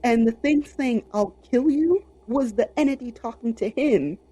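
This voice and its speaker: Mellow, breathy woman telling a story. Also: on the high side, unhurried. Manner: animated, lots of fillers and quoted inner voice. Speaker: podcast co-host. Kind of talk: casual storytelling.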